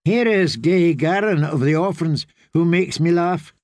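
A man's voice: fairly high pitch, measured pace, a little mellow, no echo, clean studio sound, voice pushed up. A man voicing a proud, scheming princess. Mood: soothing.

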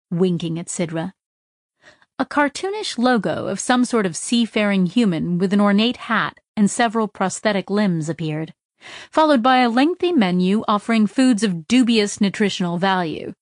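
A woman's voice: medium pitch, expressive, normal speed, no echo. Woman narrating a storybook, dry close sound. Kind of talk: audiobook narration.

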